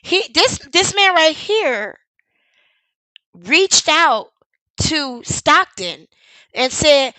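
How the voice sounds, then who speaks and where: A woman's voice: sits high, sharp tone, no room sound, rough recording. A woman hosting a live stream, commenting over a video with sarcastic, incredulous questions.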